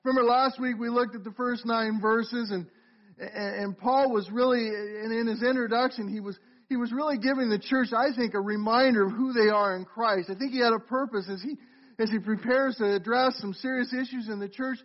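A man's voice: very high-pitched, fairly even intonation, fairly quick, muffled recording. A middle-aged man preaching a sermon as pastor of a church, talking conversationally and putting questions to the congregation. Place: church sanctuary.

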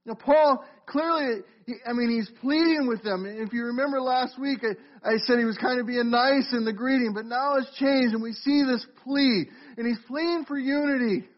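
A man's voice: very high voice, moderate pace, few pauses, muffled recording. A middle-aged man preaching a sermon as pastor of a church, talking conversationally and putting questions to the congregation. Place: church sanctuary.

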